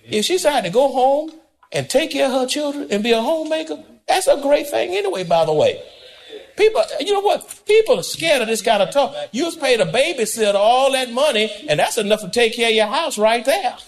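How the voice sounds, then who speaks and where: A male pastor delivers a sermon in a folksy, direct way to his congregation, his voice swinging between high and low and at times breaking into shouts. His intonation is lively and his pace fairly quick.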